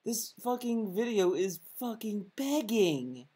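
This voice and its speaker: A man's voice: high voice, animated, moderate pace, background noise. A man giving angry, sarcastic commentary over a video, swearing constantly and mocking the person in it.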